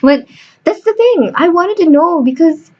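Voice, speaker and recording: A woman's voice: extremely high pitch, animated, unhurried. A young woman hosting a casual interview, chatty and joking. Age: young adult. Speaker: host. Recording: dull lo-fi recording.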